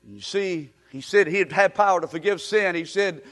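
A pastor delivering a fervent sermon, often breaking into shouts. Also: male voice, high-pitched, normal speed. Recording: long reverb of a large hall.

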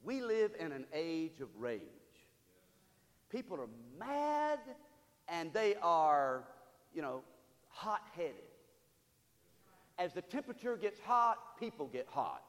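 A pastor preaching a sermon in a church, building from storytelling to loud call-and-response exhortation. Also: male voice, a little high, animated, normal speed, in a large hall. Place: church sanctuary.

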